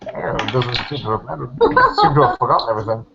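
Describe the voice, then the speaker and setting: A man's voice: mid-range voice, fast, vocal fry, heavy background noise. A man playing a tabletop fantasy game, thinking aloud hesitantly with many fillers. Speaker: player. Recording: dull lo-fi recording.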